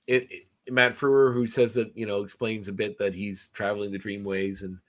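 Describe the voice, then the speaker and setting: Podcast host, man, low voice, easygoing rambling plot recap, lots of ums. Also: flat delivery, moderate pace. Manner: rambling recap with many fillers and restarts. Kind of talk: casual movie review chat.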